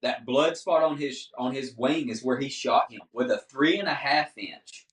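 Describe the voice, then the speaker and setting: At normal speed and in a mid-range voice, a man guesting on a podcast shares a story casually, bringing the dialogue to life as an animated storyteller. A distant mic leaves the sound roomy.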